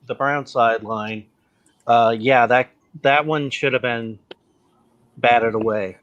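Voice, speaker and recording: A man on a sports talk panel, talking haltingly with many fillers. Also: medium pitch, fairly even intonation, a bit bright, lo-fi sound.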